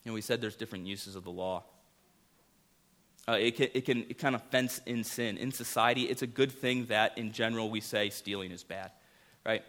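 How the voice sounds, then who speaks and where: A man preaching a sermon as pastor, earnest, rising to loud emphasis and dropping to quiet, intimate lines. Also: mid-range voice.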